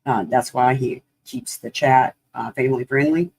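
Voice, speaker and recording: A man hosting a podcast, talking in a loose, halting way as he thinks aloud. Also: medium pitch, gravelly, husky. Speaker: podcast host. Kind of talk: casual livestream commentary.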